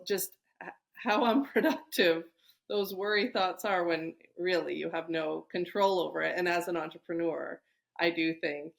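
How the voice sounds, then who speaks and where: A woman guest entrepreneur, her voice on the low side and creaky, talks reflectively in a conversational podcast interview. She restarts her sentences often and uses plenty of fillers.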